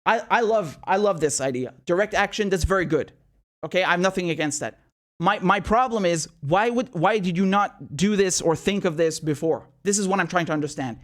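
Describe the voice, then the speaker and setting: A man's voice: high voice, brisk. A man hosting a political commentary monologue, heated and profane, firing off rhetorical questions and repeating phrases for emphasis.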